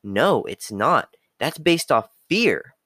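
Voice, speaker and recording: A man's voice: medium pitch, big pitch swings, takes it slowly, fairly bright tone, dry recording, clean studio sound. A young man giving a blunt, profane motivational rant, repeating catchphrases like okay and the hard truth. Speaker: self-improvement talker.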